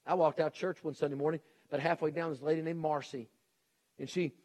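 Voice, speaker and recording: A middle-aged man delivers a sermon in a folksy, emphatic style. His voice sits a little higher than most men's, and he keeps circling back to hammer his point, slipping into the voices of the people he quotes. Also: fairly even intonation, brisk, a little mellow. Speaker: preacher and educator.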